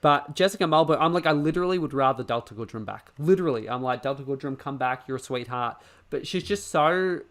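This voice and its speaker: Podcast co-host: man, casual, sweary, animated rants. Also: medium pitch, fast, few pauses. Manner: swears a lot, ranting and animated. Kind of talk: casual chat.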